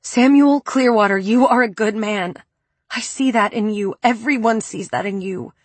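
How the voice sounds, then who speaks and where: A woman's voice: a little high, moderate pace, breathy edge, dry recording. A woman voicing a desperate, pleading young woman. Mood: fierce pleading. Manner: pleading, shouting, tender.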